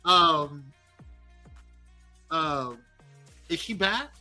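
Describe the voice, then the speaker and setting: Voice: medium pitch, lively intonation, very slow, pushed and bright, faint music behind. Sassy, teasing live-show host. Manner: sassy, teasing and playful, calls people girl and baby; chatty with frequent laughs and restarts. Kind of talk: casual live-show banter.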